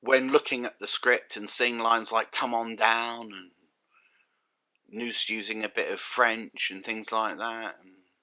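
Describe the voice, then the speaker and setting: Sardonic bright-voiced male critic. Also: fairly low pitch, flat delivery, measured pace. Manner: sardonic, exasperated, rhetorical questions. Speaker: critic and reviewer. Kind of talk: spoken review commentary.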